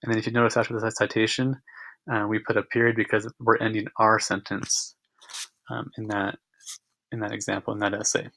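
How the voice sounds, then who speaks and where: A man narrates a slideshow lesson in a low voice, stopping often for fillers and restarting sentences. His delivery stays level and even. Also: a little fast, vocal fry. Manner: relaxed explanatory, many fillers. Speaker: teacher.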